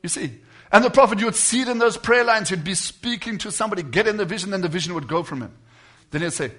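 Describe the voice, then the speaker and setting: A man preaching a sermon to his congregation, shifting between hushed and loud passages and stretching words slowly for emphasis. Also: sits high, animated.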